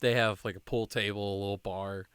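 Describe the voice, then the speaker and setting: A young man tells a long story in casual podcast chat. His voice is bright and clean, and the sound is dry and close to the mic. He rambles on animatedly and puts on quick voices for the people he quotes. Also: on the low side, fairly even intonation, clear, resonant tone, no echo. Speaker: podcast host.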